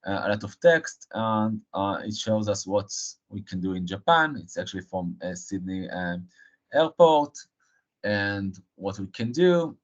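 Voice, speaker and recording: Halting male presenter in a software demo. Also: on the low side. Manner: halting, with frequent uh and um fillers. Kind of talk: live technical software demo. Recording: dull lo-fi stream audio.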